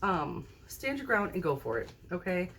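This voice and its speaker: A woman doing a casual tarot reading to camera at a table indoors, recorded on a phone mounted high overhead, chatting and often checking in with the viewer. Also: big pitch swings, moderate pace, gravelly, a bit bright, slight background noise. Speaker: tarot card reader.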